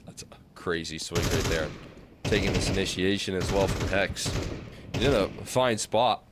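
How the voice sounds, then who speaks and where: Deep-voiced male esports co-caster. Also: moderate pace, very noisy. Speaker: esports commentator. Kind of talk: live color commentary.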